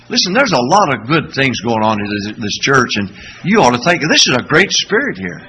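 Animated, bright-voiced preacher man. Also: mid-range voice, fairly quick, low-quality recording. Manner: animated storytelling preacher, rhetorical questions to the congregation. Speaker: pastor. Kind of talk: sermon.

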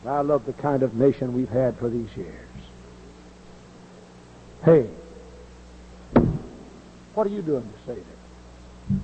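A man in his forties, a pastor, preaching a sermon that moves from folksy storytelling to loud impassioned outbursts. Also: medium pitch, animated, normal speed, long pauses, husky. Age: 40s. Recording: dull old recording in a large reverberant hall.

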